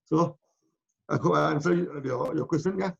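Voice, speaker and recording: In a muffled recording, a man with a gravelly, slightly rough, fairly high voice talks at a normal speed. He's a company founder with a Malaysian English accent fielding questions in a live online session, and he rambles, repeats words, and sprinkles in lots of "uh" and "no?" tags.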